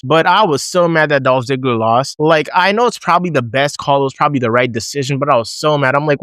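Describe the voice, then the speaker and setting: Animated man recapping with a dry close sound. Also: fairly high pitch, no echo. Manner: animated, acts out reactions in a raised voice. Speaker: wrestling show reviewer. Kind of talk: casual recap commentary.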